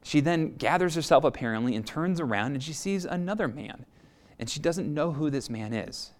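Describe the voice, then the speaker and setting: A man preaching a sermon, retelling a story in a lively, expressive storytelling manner. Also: a little high, moderate pace. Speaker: pastor.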